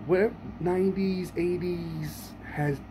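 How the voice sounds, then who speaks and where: A man giving casual reaction commentary, animated and repeating himself, stumbling over his words. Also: sits high, slow pace, noisy background. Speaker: vlogger.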